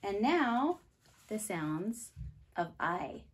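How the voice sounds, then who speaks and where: A woman leads a preschool phonics lesson at an unhurried, very slow pace. She sounds each word out clearly and repeats it, and her voice sits at an ordinary middle pitch. Now and then she breaks into an excited exclamation. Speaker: preschool teacher. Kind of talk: phonics lesson for young children.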